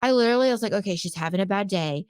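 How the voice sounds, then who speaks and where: A woman co-hosting a casual chat show, telling animated stories and acting out what people said. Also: medium pitch, very fast, clear, resonant tone, no echo, clean studio sound. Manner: animated, exclaims and acts out quotes. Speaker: podcast co-host.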